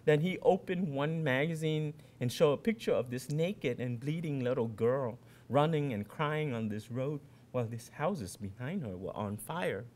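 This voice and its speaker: A man's voice: mid-range voice, moderate pace, few pauses, darkish tone. A man in his fifties, an author from Vietnam, reading his short fiction aloud in a first-person boy's storytelling voice.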